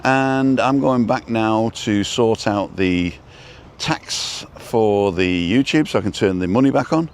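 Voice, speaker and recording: A man's voice: fairly low pitch, takes it slowly. A man hosting a casual outdoor live stream, rambling and reading out viewer comments as he goes.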